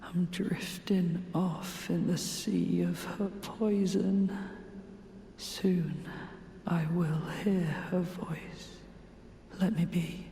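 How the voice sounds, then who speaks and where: An actor playing a devoted man who drifts into poisoned sleep, speaking softly and languidly. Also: high-pitched, fairly even intonation, very slow, creaky, a little hiss or hum, full character voice. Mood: drowsy. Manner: soft, languid, drowsy. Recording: echoey game dialogue with long reverb.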